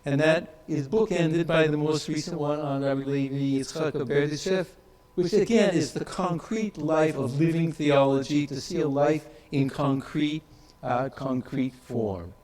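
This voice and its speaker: A man giving a reflective tribute speech at an academic conference, pausing on fillers and repeating words. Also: a little high, darkish tone, rough recording. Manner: reflective, with frequent fillers and restarts. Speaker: conference speaker.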